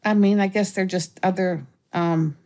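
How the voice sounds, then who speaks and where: A woman guest in an interview, telling a story in a casual, animated way, often restarting her sentences and acting out the people she talks about. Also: normal speed. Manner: animated, acts out callers with raised pitch, frequent restarts. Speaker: guest, former remote viewer.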